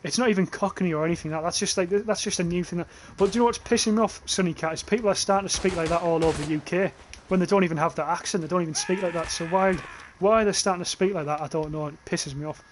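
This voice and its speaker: A man's voice: high voice, fast, few pauses, slight background noise. A young man with a Northern English accent, chatting casually and swearing while livestreaming a game and reading chat aloud. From northern England. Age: young adult.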